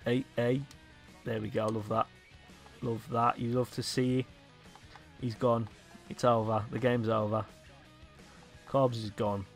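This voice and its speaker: Excitable lad commentating his game. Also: mid-range voice, a little slow, long pauses, faint music behind. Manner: animated, swears, shouts at players. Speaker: gaming YouTuber.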